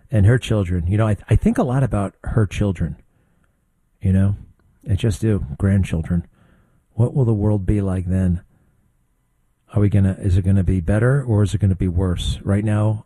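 A man's voice: low voice, mellow, no echo, low-quality recording. An older man hosting a talk show, rambling through opinions with folksy, conversational asides. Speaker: radio host. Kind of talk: opinionated talk radio monologue.

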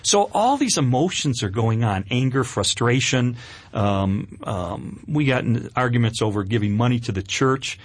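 A husky middle-aged man tells his own story in an interview. His voice swings widely up and down as he relives the feelings, and he often restarts his sentences. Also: medium pitch, normal speed, dry recording. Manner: animated, emotional, with many restarts. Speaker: guest telling his conversion story.

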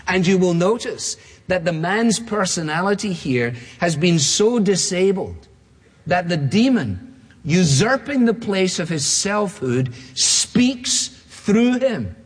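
Husky-voiced man preaching in a reverberant hall. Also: high voice, animated. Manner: emphatic, repetitive phrasing, slows down to stress points. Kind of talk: expository sermon. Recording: long reverb of a large hall.

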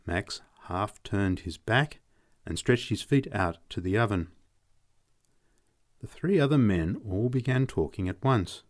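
A man reading short stories aloud in a measured storytelling manner. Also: no echo, studio quality. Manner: measured storytelling, lively pitch. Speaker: reader. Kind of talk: audiobook narration.

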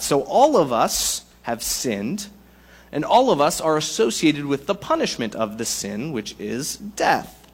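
Man preaching a casual sermon. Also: fairly high pitch. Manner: conversational preaching with humorous analogies. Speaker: pastor.

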